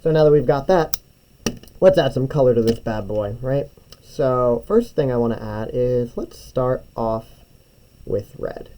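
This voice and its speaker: Young guy music teacher, patient step by step drawing lesson, mellow voice, keeps asking right?. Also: medium pitch, lively intonation, measured pace, a little hiss or hum, low-quality recording.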